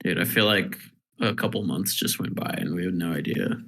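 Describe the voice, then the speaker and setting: A man takes his turn in a tabletop game with an easy, laid-back manner and keeps asking questions. His voice sits low but has a bright, forceful edge. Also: brisk. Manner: laid-back, questioning, says yeah a lot. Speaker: player. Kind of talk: casual tabletop play.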